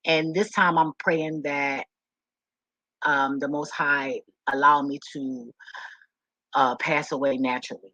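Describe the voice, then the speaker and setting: A woman's voice: low-pitched, steady tone, slow pace, pauses often, bright, forceful tone, no echo, low-quality recording. A woman vlogger telling personal stories straight to the camera, frank and full of swearing, who repeats words when she gets emotional. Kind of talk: candid personal storytelling to camera.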